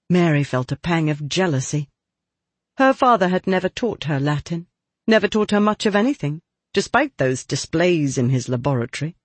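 Lively, husky male storyteller. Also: on the high side, normal speed, dry recording. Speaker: audiobook narrator. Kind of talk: scripted narration.

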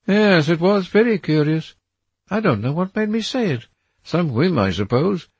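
A man doing a nervous, brooding young gentleman. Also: fairly high pitch, sing-song, moderate pace, breathy edge, dry recording, dull audio, voice pushed up, full character voice. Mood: anxious. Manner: raised, pleading and anxious.

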